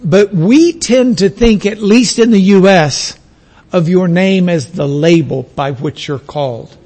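A man's voice: high voice, measured pace, a little mellow. A man teaching a class, lecturing in a conversational way and stretching out the phrases he wants to stress.

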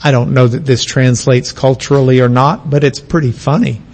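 A man's voice: medium pitch, steady tone, normal speed, darkish tone, in a large hall. A man from the United States giving a classroom lecture on biblical languages, emphatic and repeating key words for stress.

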